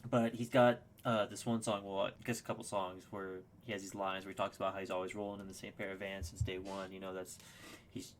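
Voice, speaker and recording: Fast-talking low-voiced young man. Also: slight background noise. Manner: excitable, swears freely, many fillers and restarts. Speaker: podcast guest. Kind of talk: casual storytelling.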